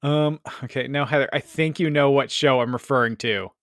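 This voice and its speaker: A man's voice: mid-range voice, fairly even intonation, brisk, fairly bright tone, no echo. A male radio co-host doing comedic banter in a studio, playful and laughing at his own slips.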